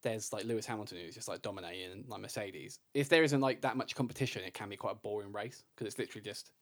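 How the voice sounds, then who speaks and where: A man's voice: fairly low pitch, fast talker. A man co-hosting a casual podcast chat, teasing his friend and swearing freely. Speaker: podcast co-host.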